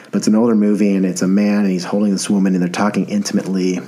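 Racing along in a low, warm voice with little pitch movement, a man in his thirties hosts a podcast. It's a casual monologue, enthusiastic and self-deprecating, that rambles freely.

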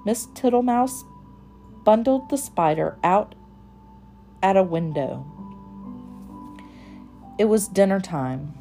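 A woman reading a children's storybook aloud in a gentle, measured voice. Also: medium pitch, expressive, soft background music. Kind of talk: storybook read-aloud narration.

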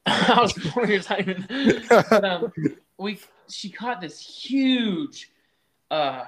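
A man with a high voice chats on a podcast as a guest. He tells his stories in an animated way. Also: very slow, a crowd in the background. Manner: animated storytelling. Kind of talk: casual chat.

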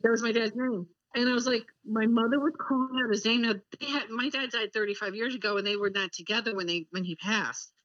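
A woman guest with a Long Island accent, chatting in a lively way, laughing often and acting out what people said. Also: on the high side, brisk, few pauses, no room sound, distant mic, muffled recording. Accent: New York. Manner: lively storyteller, laughs often, acts out quotes. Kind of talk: casual chat.

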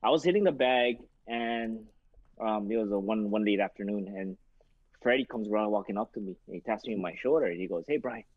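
A man's voice: fairly low pitch, fairly quick, no echo. A man, a boxing trainer and guest, telling stories in a casual interview and acting out the voices of the people in them. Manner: animated, acts out quoted voices, many fillers. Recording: dull muffled lo-fi sound.

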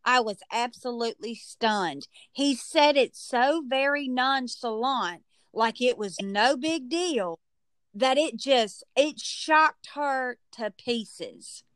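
A woman hosting a podcast, telling a story in a chatty, animated way and stretching words for emphasis. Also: high-pitched, slow pace, clear, resonant tone, no room sound. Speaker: podcast host. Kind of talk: casual storytelling chat.

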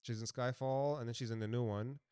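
A man co-hosting a casual podcast, with a voice of ordinary pitch. He talks bluntly and swears freely, jumping between loud bursts and mumbled asides. The sound is dry and close. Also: steady tone, a little fast, clear, resonant tone, dry recording. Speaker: podcast co-host. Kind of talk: casual chat.

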